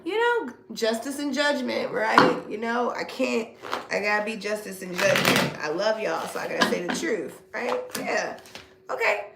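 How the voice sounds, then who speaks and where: A woman's voice: on the high side, big pitch swings, moderate pace, creaky, reverberant, very noisy. A middle-aged woman giving a casual spiritual reading to viewers, blunt and preachy, with slang and swearing. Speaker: spiritual reader.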